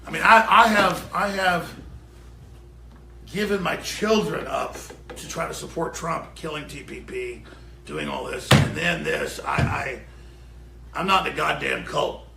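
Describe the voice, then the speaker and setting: A man, a show host, ranting furiously and profanely off air in a broadcast studio before going live, often shouting. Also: on the high side, expressive, unhurried, creaky, roomy sound, background noise. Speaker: radio and web show host.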